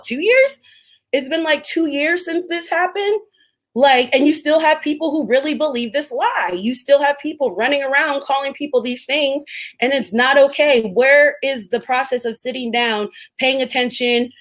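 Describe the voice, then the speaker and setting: Chatty, expressive young woman livestreaming. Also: fairly high pitch. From southern California. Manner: expressive, talks back to live chat, repeats herself. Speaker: YouTuber on a livestream. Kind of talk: casual livestream chat.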